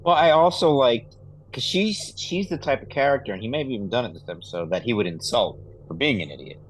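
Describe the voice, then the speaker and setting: A man's voice: mid-range voice, lively intonation, fast talker, slight background noise, poor audio. A man co-hosting a podcast in casual fan discussion, talking in a thoughtful, rambling way with laughs between points. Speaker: podcast co-host.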